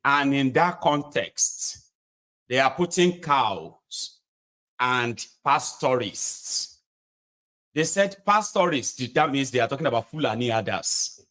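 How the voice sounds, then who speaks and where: A man's voice: mid-range voice, fairly bright tone. Indignant Nigerian man commenting on politics. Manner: indignant, emphatic, repeats for stress. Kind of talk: opinionated commentary.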